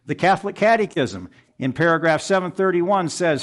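A man preaching an expository sermon to a congregation in a room, earnest and pressing, jumping up for emphasis and dropping low and quiet at the ends of verses. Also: lively intonation, moderate pace. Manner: earnest, pressing, rises sharply for emphasis then drops low. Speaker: pastor.

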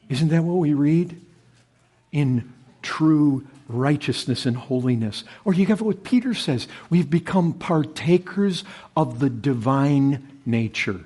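Husky-voiced man preaching a fervent sermon. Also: expressive, slow. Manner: swings from loud emphatic peaks to low hushed lines, often says "brethren". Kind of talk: expository sermon.

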